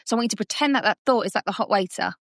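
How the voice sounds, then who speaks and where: A woman's voice: medium pitch, rapid-fire, dry recording. Woman coaching guest, dry close sound. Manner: lively, acts out little scenes with voices. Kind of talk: conversational coaching talk.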